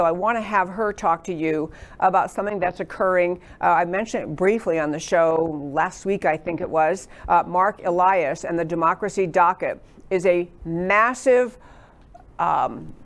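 A woman from New York hosting a political talk show in a studio, enthusiastic and effusive. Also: mid-range voice.

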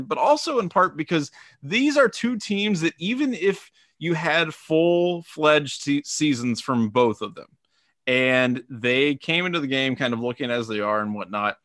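A man co-hosting a sports podcast, breaking down the game in a measured, analytical way and thinking aloud. His pitch is ordinary for a man. The recording is close and dry, with no room sound. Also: a bit bright, no room sound. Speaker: podcast co-host.

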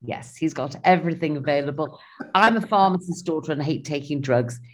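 Low-voiced woman telling a story. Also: brisk. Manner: animated, acts out her own and others' lines. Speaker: guest telling a travel story. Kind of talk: casual conversational storytelling.

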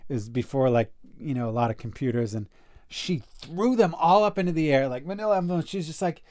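A man telling a personal story as a podcast guest, earnest and animated, often saying "like" and correcting himself mid-sentence. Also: on the high side, brisk. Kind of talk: casual storytelling in a podcast conversation.

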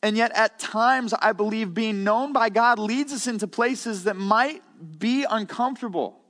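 Man, pastor, sermon, earnest, candid, high voice, long reverb. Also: measured pace, fairly bright tone. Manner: earnest, candid, frequent word repeats. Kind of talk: conversational sermon. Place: church sanctuary.

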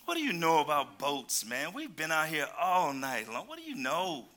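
A man's voice: fairly high pitch, huge pitch swings, normal speed, sharp tone, full character voice. A male preacher voicing a tired, exasperated fisherman who complains in slang during sermon storytelling. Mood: grumbling.

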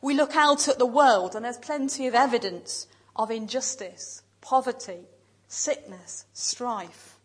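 A woman preaching a sermon in a church, speaking in measured, emphatic lists with pauses. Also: a little high, husky, poor audio.

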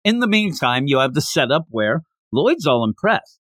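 A man hosting a podcast, recapping a manga chapter in a casual, animated way and acting out the characters' lines. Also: medium pitch, moderate pace, no room sound, studio quality. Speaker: podcast host.

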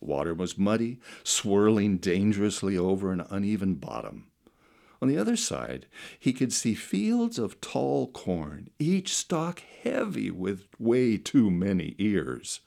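A middle-aged man preaching a sermon through slow, dramatic storytelling that swings between loud and soft. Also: lowish voice, very animated, vocal fry. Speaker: pastor.

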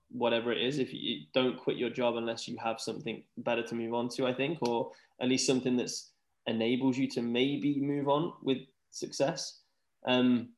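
A young man chats energetically on a podcast, with lots of "like" fillers. His voice sits at a middle pitch. The sound is roomy, with clear echo around him. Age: young adult. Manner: energetic, rambling, says "like" often. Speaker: guest, former pro tennis player. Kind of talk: casual podcast chat.

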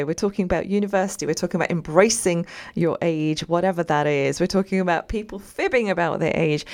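A woman hosts a relaxed radio talk show in a slightly low voice. She chats in a meandering, friendly way and keeps turning to her listeners with questions. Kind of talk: casual radio chat.

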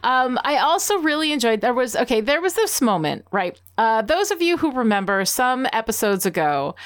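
A woman co-hosting a podcast, chatting casually and excitedly, often laughing. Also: fairly high pitch, normal speed. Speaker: podcast co-host. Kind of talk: casual chat.

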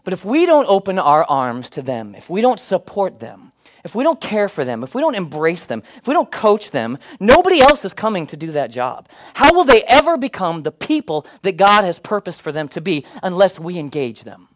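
Speaking at a moderate pace in a high voice, a middle-aged male pastor delivers a sermon of lively, comic storytelling with assumed voices. The recording is low quality.

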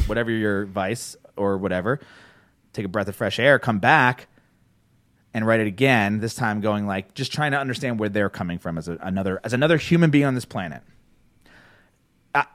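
Recorded with studio quality and no room sound, a man from New Jersey hosts a podcast in a lowish voice. His casual talk is rambling, profane and animated, with many restarts.

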